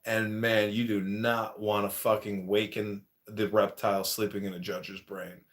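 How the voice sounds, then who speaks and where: A man's voice: fairly low pitch, little pitch movement, measured pace, fairly bright tone. A man hosting a casual livestream chat, crude and mocking, swearing often as he roasts his guests. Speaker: livestream host.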